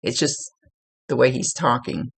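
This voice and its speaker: A woman's voice: rumbling low, steady tone, measured pace, breathy edge, dry recording. A woman working as a psychic medium, giving a spirit reading to a client in a rambling way, searching for words and restarting her sentences.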